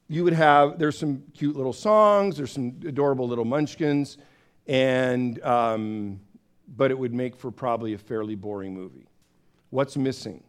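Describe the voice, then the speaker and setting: A man preaching a sermon in a conversational, storytelling way, acting out voices with big swings of pitch. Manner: conversational, with fillers and restarts. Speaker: pastor.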